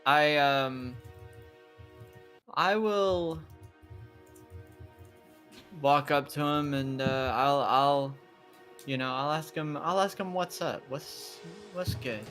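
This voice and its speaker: A man's voice: fairly high pitch, slow, pauses often, a bit bright, soft background music. A man playing in a tabletop game, casual and hesitant. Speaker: player. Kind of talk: tabletop role-play.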